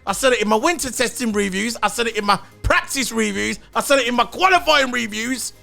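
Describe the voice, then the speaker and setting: A man's voice: very high-pitched, expressive, a little fast, creaky, sharp tone, soft background music. A man giving a blunt, opinionated solo review of a race, swearing and repeating his points. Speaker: motorsport commentator.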